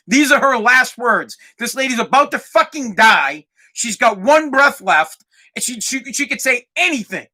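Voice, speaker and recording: A man hosting his own podcast, ranting crudely and excitably with lots of swearing. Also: very high-pitched, unhurried. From United States. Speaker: podcast host. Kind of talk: profane ranting monologue.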